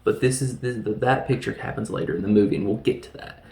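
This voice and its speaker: A man's voice: fairly low pitch, fast talker, creaky, darkish tone. A man casually reviewing a film, laughing often and recapping scenes with mock voices. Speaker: movie reviewer. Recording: echoey room.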